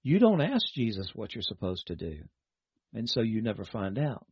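Male radio preacher, husky, earnest exhortation, dry dull broadcast sound. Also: lowish voice, huge pitch swings, moderate pace, no room sound. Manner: earnest, exhorting, leads a prayer. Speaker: radio Bible teacher. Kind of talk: broadcast sermon. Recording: dull lo-fi broadcast with faint music.

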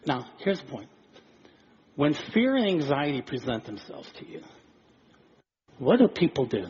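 A man preaching a sermon in an animated way, acting out quoted voices with chuckles. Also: mid-range voice, measured pace, lo-fi sound, slight background noise. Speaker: pastor.

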